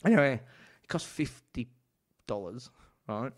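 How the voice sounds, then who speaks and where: A man's voice: mid-range voice, unhurried. Man telling salty stories. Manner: animated anecdotes with frequent swearing and restarts. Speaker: chef and author, podcast guest. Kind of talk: casual storytelling chat.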